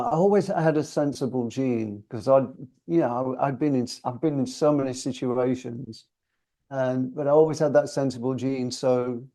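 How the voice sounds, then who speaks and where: A man's voice: mid-range voice, creaky, mellow. A man in his sixties from the UK, a singer guest telling stories in a chatty, reflective and self-deprecating way. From United Kingdom. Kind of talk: casual interview storytelling.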